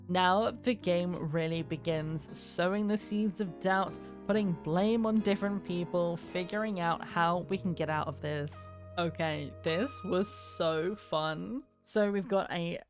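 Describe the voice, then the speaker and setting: A young woman streaming a game, gushing and excitable, swearing casually as she reacts. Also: medium pitch. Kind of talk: let's play commentary.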